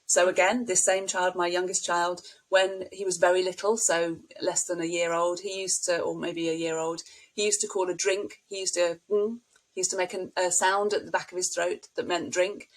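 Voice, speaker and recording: A woman's voice: fairly low pitch, level tone, normal speed, rough recording. Brief: middle-aged woman, speech therapist guest, explains patiently with examples. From United Kingdom. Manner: warm explanatory, models child talk with anecdotes. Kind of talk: podcast interview.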